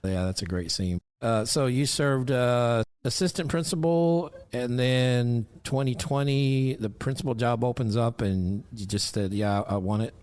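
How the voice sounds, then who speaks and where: A man's voice: medium pitch, a little slow, hardly any pauses, a little mellow, clear, resonant tone, no echo. A man hosting a radio interview, chatty and conversational, drifting into side remarks. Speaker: radio show host. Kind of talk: casual interview.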